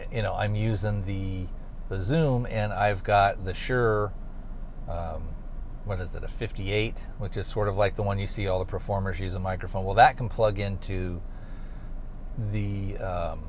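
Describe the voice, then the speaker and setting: A man with a fairly low voice talks through a casual solo podcast in a chatty, rambling way, stopping to correct himself mid-thought. He records while driving, on a lavalier clipped to his seat belt inside a truck. Steady road noise sits clearly under his voice. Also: unhurried. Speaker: podcast host.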